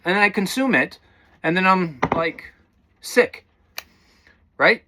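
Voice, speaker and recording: A man's voice: high voice, animated, slow, background noise. A man giving a casual spiritual talk to viewers, rambling and calling them guys. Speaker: spiritual teacher.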